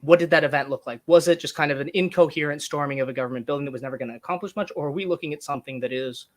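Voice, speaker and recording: A man's voice: a little high, very fast. A man talking as a guest in a casual interview, thinking aloud with restarts and small laughs. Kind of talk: casual conversation.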